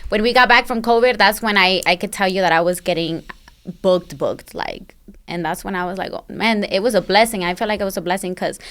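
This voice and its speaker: A woman who owns a barbershop, a podcast guest, telling her story in a relaxed, rambling way full of fillers. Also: medium pitch, brisk. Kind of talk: casual chat.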